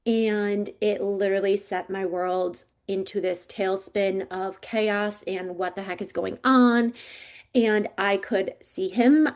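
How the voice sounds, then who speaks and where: A woman in her forties telling her life story as a psychic coach in an interview, casual and chatty, slipping into lively voices when quoting others. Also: mid-range voice. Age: 40s.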